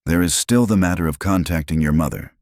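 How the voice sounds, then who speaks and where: A man's voice: sits low, darkish tone, dry recording, studio quality. A man voicing a towering, formal alien warrior. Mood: solemn. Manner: formal, measured speech. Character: huge fearsome alien predator turned gentle father.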